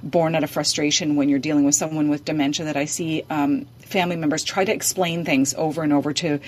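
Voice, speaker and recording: A woman's voice: low voice, fairly even intonation, quick pace, darkish tone. A woman giving practical advice on dementia caregiving, speaking hesitantly with frequent fillers and restarts. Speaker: dementia care advisor. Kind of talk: advice in a podcast conversation.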